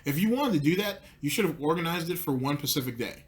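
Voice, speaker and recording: A man's voice: fairly high pitch, expressive, fast talker. A man hosting a commentary show, talking in a mocking, needling way with plenty of profanity. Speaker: commentary host. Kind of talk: sarcastic commentary.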